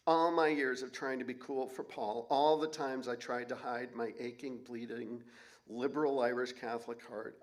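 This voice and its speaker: A man's voice: medium pitch, fairly bright tone. Wry, candid man telling a story. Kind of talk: live storytelling performance. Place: auditorium stage.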